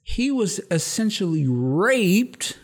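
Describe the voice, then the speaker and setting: Speaking slowly in a high voice, this podcast host recaps a TV episode in casual conversation, using slang and curses. He tells it with energy, voicing the characters' lines loudly as he goes.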